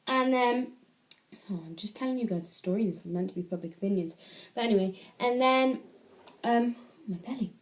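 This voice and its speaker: A woman's voice: a little high, brisk. A teenage girl from the UK chatting casually into an iPad camera at home, rambling and correcting herself as she gives advice. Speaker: vlogger.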